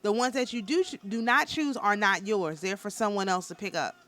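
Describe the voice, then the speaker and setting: A woman's voice: mid-range voice, brisk, fairly bright tone. Lady doing a spiritual talk, chill matter-of-fact voice, kinda rambly, passionate underneath. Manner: rambling, with frequent restarts. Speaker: spiritual teacher and tarot reader.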